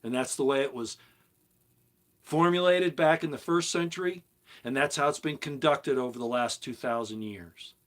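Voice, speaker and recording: Older male commentator, rambling storyteller, loud emphatic bursts and quiet asides. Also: mid-range voice, moderate pace. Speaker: video commentator. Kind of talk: casual monologue to viewers.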